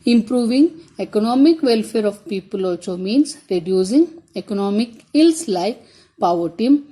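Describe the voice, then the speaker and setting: A woman's voice: medium pitch, expressive, moderate pace, mellow. A woman teacher, whose first language is Tamil, giving a classroom lecture. She repeats her key points and speaks straight to her students.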